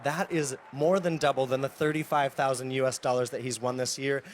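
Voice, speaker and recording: A man's voice: mid-range voice, steady tone, a little fast, a little hiss or hum. A man co-hosting a live studio sports show, retelling a match story with facts and figures. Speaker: studio co-host. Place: television studio.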